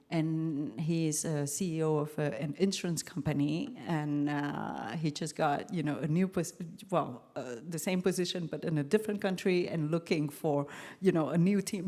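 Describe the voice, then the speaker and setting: Woman, 50s, low-pitched, halting lecture delivery, hall reverb. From Vietnam. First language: French. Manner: halting, many restarts and fillers, animated quotes. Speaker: guest lecturer. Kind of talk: university lecture, storytelling.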